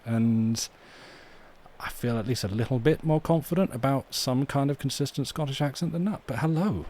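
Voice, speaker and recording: A man from the UK, hosting a livestream from home in a soft, rambling, chatty way and reading poetry aloud. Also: medium pitch, normal speed. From United Kingdom. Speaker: livestream host. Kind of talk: casual livestream chat and poem reading. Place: home room.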